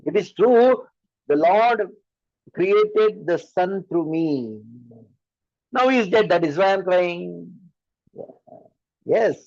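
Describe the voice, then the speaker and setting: A man's voice: sits high, expressive, takes it slowly, creaky, pauses often, darkish tone, no echo, highs cut off. A man with an Indian English accent giving a sermon as a spiritual teacher, driving his point home with repeated rhetorical questions.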